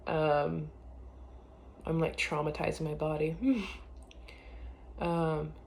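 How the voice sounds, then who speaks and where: Gravelly-voiced woman rambling softly. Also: sits low, fairly even intonation, takes it slowly, a little hiss or hum. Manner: rambling and hesitant, full of "like" and "um" fillers. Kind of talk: casual confessional vlog.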